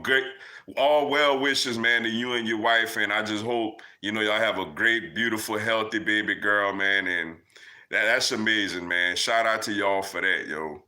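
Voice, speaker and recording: Here the young man's voice is lowish, a little slow, and sharp in tone. Hosting a relaxed live Q&A, he reads out chat comments and talks freely, full of "man" and "yo."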